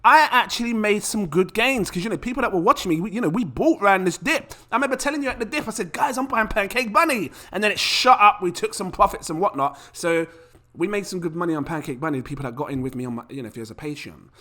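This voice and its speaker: Chatty male YouTuber, lively pitch, rhetorical and casual. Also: quick pace. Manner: animated, chatty, rhetorical questions. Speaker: crypto YouTuber. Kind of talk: casual to-camera talk.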